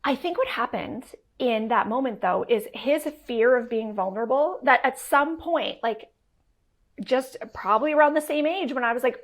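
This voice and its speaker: Animated woman telling a candid story. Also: on the high side, normal speed. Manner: animated, acts out quoted dialogue, many fillers. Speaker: podcast guest.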